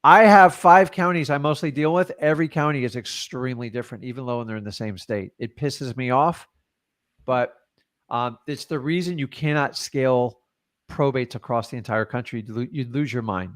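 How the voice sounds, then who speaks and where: Guy coaching real estate, blunt and chatty, mid-pitched voice, keeps saying like and man. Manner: blunt and animated, with frequent filler "like" and "man". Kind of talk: casual teaching and live Q&A.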